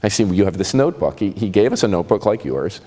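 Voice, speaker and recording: A man in his sixties from New Jersey with a New Jersey accent, telling personal stories in a lively, conversational and self-mocking way. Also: lowish voice, fast, husky, in a large hall. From New Jersey, USA. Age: 60s. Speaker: speaker giving a talk. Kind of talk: personal storytelling talk.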